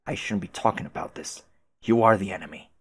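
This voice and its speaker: A man voicing a stiff, formal, muscular teenage boy troll aristocrat who speaks quietly and precisely. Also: on the low side, a little fast, breathy edge, no echo.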